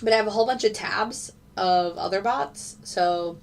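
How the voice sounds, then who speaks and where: A woman's voice: medium pitch, moderate pace, creaky, hardly any pauses. A woman hosting a casual live stream, chatting to viewers and talking through her trades. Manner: chatty, reads out chat and trades. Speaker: trading streamer.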